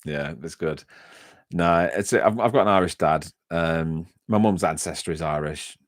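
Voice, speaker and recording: Guy on a live stream, deep voice, rambly chatty stories, dry close sound. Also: a little slow, no room sound. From England. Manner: chatty, rambling anecdotes with frequent self-restarts. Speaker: livestream host reading chat. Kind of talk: casual live-stream chat.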